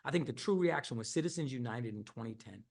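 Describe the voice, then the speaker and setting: A man's voice: mid-range voice, lively intonation, fast, creaky, a little mellow. A middle-aged man giving an earnest, impassioned campaign speech over a video call, often repeating words as he builds. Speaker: Senate candidate.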